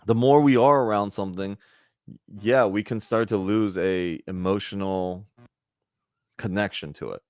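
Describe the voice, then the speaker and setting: A man's voice: fairly low pitch, normal speed, no room sound, clean studio sound. A man giving a conversational spiritual talk to a group, often checking in with "right?" and acting out little bits of dialogue. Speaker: spiritual teacher.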